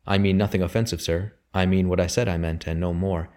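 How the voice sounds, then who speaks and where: A humble, earnest young son who speaks formally and respectfully to his father, pleading his case with steady resolve. A man reads him in a low voice lifted a little higher than his narration. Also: a little fast, lightly acted.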